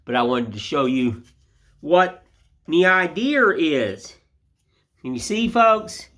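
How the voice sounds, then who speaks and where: A man's voice: on the high side, sing-song, takes it slowly, fairly bright tone. An older man hosting a woodcarving channel, chatting in a rambling, folksy way while he shows his work. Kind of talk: casual tutorial chat.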